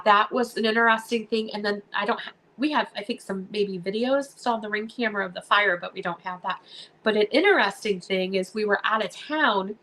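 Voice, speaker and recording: This live-stream host is a woman with a medium-pitched voice. Spinning stories in easygoing conversation, she stays animated, often laughing as she performs other people's lines.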